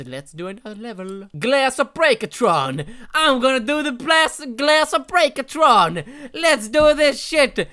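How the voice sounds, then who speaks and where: A young man commentating a video game he is playing, loud and excitable, yelling and swearing whenever things go wrong. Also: very high voice, clean tone. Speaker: gaming channel host. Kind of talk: let's play commentary.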